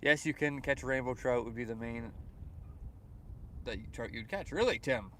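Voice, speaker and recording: Speaking at medium pitch and a normal pace, a young man with a Canadian accent chats casually while livestreaming his fishing trip outdoors at sunrise by the water. He reads chat messages aloud and replies with lots of fillers, keeping things relaxed, and there's a little background noise.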